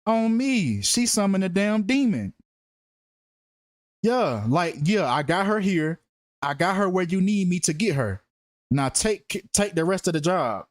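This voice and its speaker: A man talks through a casual, profane commentary in a slangy, emphatic way, often repeating a phrase to drive it home. His voice sits somewhat high for a man, and the sound is dry and close with no room echo. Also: very animated, measured pace. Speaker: true-crime numerology commentator.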